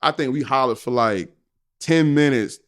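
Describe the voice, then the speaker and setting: A middle-aged finance professor tells a spirited story as a podcast guest, giving voice to its characters and laughing often. He has a medium pitch and a moderate pace.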